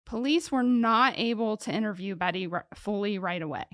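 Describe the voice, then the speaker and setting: A woman's voice: medium pitch, a little fast, fairly bright tone, no room sound, studio quality. A woman co-hosting a podcast, telling a true-crime case in a casual, joking way with many fillers. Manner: joking, chatty, lots of "like" fillers.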